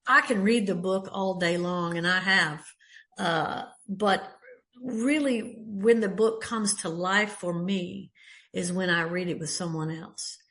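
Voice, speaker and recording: A woman's voice: lowish voice, bright, forceful tone. An older woman from Texas with a Texan accent, speaking at a recovery meeting in a folksy, chatty way with many fillers and restarts. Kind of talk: personal share at a meeting.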